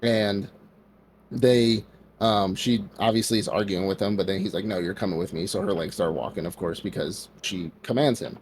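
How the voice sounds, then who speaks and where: A podcast co-host with a lowish, slightly mellow voice loosely retells an anime plot at a moderate pace. He acts out the characters' lines and leans heavily on fillers like "like," over a little hiss or hum.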